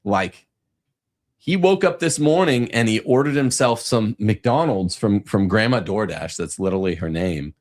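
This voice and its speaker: A man's voice: fairly low pitch, expressive, moderate pace. A middle-aged man hosting a talk show, giving sardonic, rambling commentary with frequent restarts. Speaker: podcast host. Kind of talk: casual commentary.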